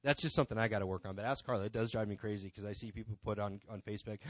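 A man's voice: fairly low pitch, fairly even intonation, very fast, hardly any pauses, dry recording. A man giving an informal testimony in a church, talking conversationally and rambling with many asides. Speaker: church member speaking from the pulpit. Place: church sanctuary.

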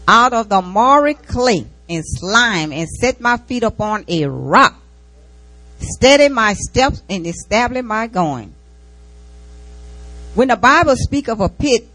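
A woman's voice: medium pitch, fairly bright tone, poor audio. Folksy woman preaching with repeated lines. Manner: folksy, repeats key lines, laughs between phrases. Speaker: church speaker giving a testimony. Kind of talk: informal sermon with personal testimony.

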